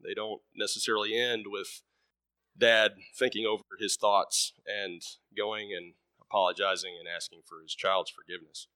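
A man's voice: on the low side, flat delivery, normal speed, pushed and bright, dry recording, studio quality. A man preaching a sermon in a conversational way, full of ums and uhs, who tells a story and lightly acts out its voices.

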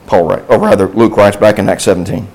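A man's voice: on the low side, fast, darkish tone, rough recording. A man teaching a Bible class in a conversational way. He asks the class questions and answers them himself, with restarts and asides along the way.

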